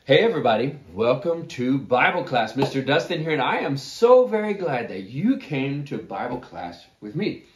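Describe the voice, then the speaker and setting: A man's voice: medium pitch, sing-song, normal speed, hardly any pauses, slight background noise. A man teaching a children's Bible class, telling a story and asking his listeners questions. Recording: echoey room.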